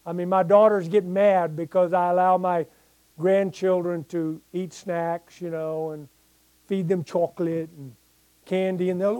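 A man's voice: high-pitched, little pitch movement, unhurried, warm tone, dry recording. An older man preaching a sermon as pastor, talking plainly with his congregation and rising into emphatic scripture reading.

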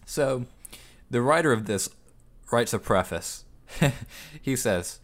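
A man's voice: mid-range voice, expressive, slow, long pauses. A man co-hosting a podcast, chatting and reading fan fiction aloud, often laughing as he goes. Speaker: podcast co-host.

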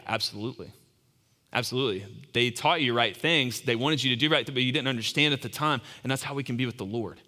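A man's voice: mid-range voice, sharp tone, in a large hall. A man in his thirties preaching a sermon in a conversational, emphatic way, often restarting words. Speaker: pastor.

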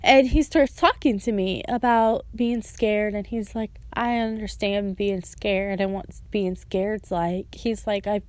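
A woman's voice: mid-range voice, fairly even intonation, unhurried, few pauses, darkish tone. A young woman sharing a personal faith testimony in casual, earnest storytelling, her speech full of "like" and "and so". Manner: earnest and emotional, with frequent "like" and "and so".

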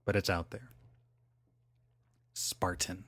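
A man's voice: fairly low pitch, moderate pace, slight background noise. A man hosting a solo podcast, chatting casually in a rambling, digressive way with lots of fillers and self-corrections. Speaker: podcast host.

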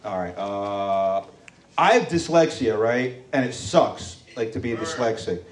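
A man in his thirties from Morocco delivers a rambling, crude stand-up set at a comedy club, sliding into mocking voices. His voice is on the low side and animated, at a measured pace. Club sound comes through roomy and distant.

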